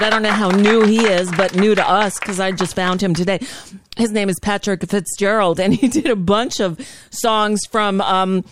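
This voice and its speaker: A woman's voice: mid-range voice, steady tone, normal speed, background noise. A woman hosting a talk show, chatting casually in a scattered, rambling way with many fillers and restarts into a studio microphone. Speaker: radio show host.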